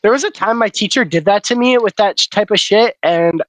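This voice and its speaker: A man's voice: high-pitched, a little fast, fairly bright tone, no echo. A young man in a casual chat, cracking crude, boastful jokes about school.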